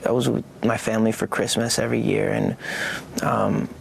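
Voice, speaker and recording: A young man talking in a casual, halting way as an interview guest, full of fillers and restarts. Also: lowish voice, flat delivery, vocal fry, breathy edge.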